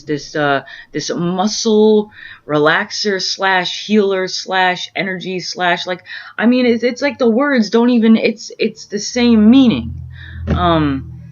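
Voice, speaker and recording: A woman vlogger talks about her spiritual experiences at home in a low voice, recorded on muffled lo-fi audio. Her casual monologue meanders earnestly and introspectively, full of fillers and restarts as she hunts for words.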